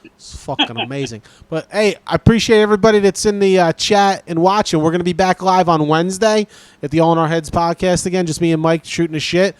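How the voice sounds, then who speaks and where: Man, New Jersey accent, podcast host, casual joking talk, crisp voice, dry sound. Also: high-pitched, fast, no room sound. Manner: joking, relaxed, swears casually. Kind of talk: casual chat.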